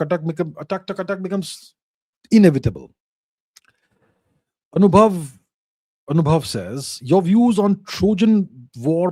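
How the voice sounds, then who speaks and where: A man's voice: on the high side, dark tone, dry recording. Dry-voiced man answering live chat. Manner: reads viewer questions aloud, then answers in short emphatic, repeated phrases. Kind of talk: casual live Q&A monologue.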